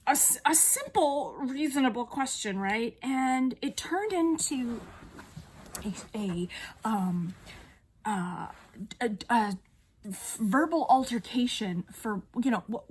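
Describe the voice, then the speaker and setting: A young woman vlogger telling an angry story, still riled up, swearing and animated as she retells it. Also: on the high side, slight background noise. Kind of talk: emotional vlog storytelling.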